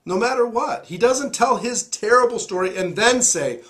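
A hoarse man, still getting his voice back, hosting an emphatic, preachy motivational talk into a studio mic. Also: high-pitched, animated, moderate pace, fairly bright tone. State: hoarse, recovering voice. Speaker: host.

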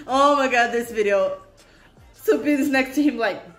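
A woman's voice: high voice, takes it slowly, fairly bright tone. A woman hosting a reaction video, gushing and giggling as she comments casually. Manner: giggly, gushing fan commentary with frequent laughter. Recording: roomy echo, faint music behind.

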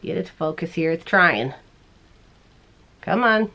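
A woman hosting a crochet show, chatting casually to the camera in a bubbly way, laughing often and putting on silly squeaky voices. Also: animated, a little slow, sharp tone, muffled recording. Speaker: crochet podcast host.

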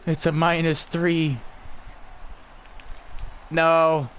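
A man's voice: a little high, flat delivery, extremely slow, pauses often, fairly bright tone, slight background noise. Swearing, frustrated gamer man. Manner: frustrated, swearing, raging at the game. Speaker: gaming YouTuber. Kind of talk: live gameplay commentary.

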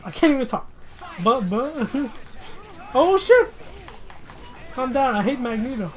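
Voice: mid-range voice, measured pace. A gamer giving live commentary on online fighting game matches, rambling and self-deprecating, swearing often when frustrated. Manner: rambling, restarts sentences, laughs at self.

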